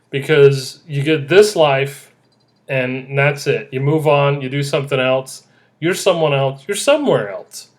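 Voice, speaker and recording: A man hosting his own podcast in an excitable, rambling solo monologue, often repeating himself and joking about his own eccentricity. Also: on the high side. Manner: excitable, repetitive, self-deprecating. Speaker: podcast host.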